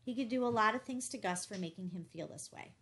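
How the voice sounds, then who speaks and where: A woman's voice: medium pitch, quick pace, fairly bright tone. Woman narrating an audiobook.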